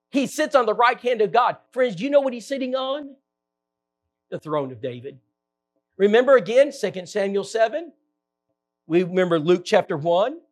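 A man preaching a Bible-teaching sermon, reading scripture aloud in slow, stressed phrases and rising in pitch and volume for emphasis.

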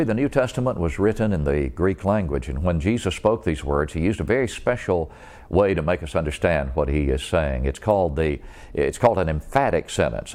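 A man preaching an evangelistic sermon, earnest and deliberate, pleading with his listeners through direct questions. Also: extremely low pitch, a little mellow.

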